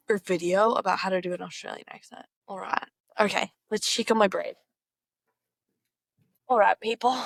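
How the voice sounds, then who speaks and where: A woman's voice: medium pitch, gravelly, a bit bright, no echo. A woman vlogger chatting casually and playfully, repeating words aloud as she practices an accent.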